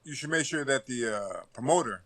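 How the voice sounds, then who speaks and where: A man's voice: mid-range voice, animated, a little fast, a bit bright. An older man, a boxing coach, talking casually on a talk show, rambling and repeating words as he goes.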